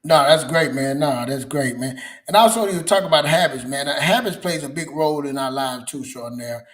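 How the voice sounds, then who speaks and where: A man's voice: on the high side, moderate pace. A man co-hosting a podcast in an easygoing chat, often tagging his sentences with filler phrases. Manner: easygoing, keeps saying "man" and "you know what I'm saying". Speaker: podcast co-host. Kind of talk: casual chat.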